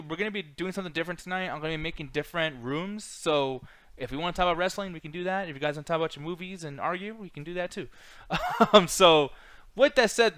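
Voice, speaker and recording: Fast-talking excitable man on a dry mic. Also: a little high, smooth, no room sound. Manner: excitable, profane, laughs often. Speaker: podcast co-host. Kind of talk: casual live-stream chat.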